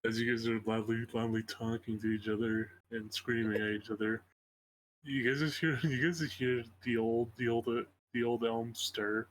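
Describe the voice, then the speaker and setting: A man's voice: mid-range voice, steady tone, moderate pace, a little hiss or hum, low-quality recording. A man running a tabletop game as game master, narrating in a hesitant way, often restarting his phrases.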